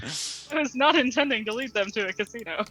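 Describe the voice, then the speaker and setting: A woman playing in a tabletop game, brisk and amused. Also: on the high side, expressive, bright, forceful tone, soft background music, rough recording. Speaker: player. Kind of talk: casual tabletop play.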